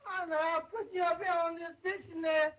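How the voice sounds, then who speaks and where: An actress playing a fussing, kindly housemaid in a 1930s film comedy, fretful and tearful, with folksy grammar. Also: female voice, very high voice, flat delivery, brisk. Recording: dull lo-fi 1930s film soundtrack.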